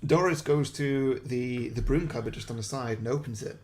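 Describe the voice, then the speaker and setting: A young man co-hosting a podcast, pitching a film sequel in a self-deprecating, giggly way. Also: normal speed, a little mellow. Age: young adult. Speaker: podcast co-host. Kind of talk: comic story pitch.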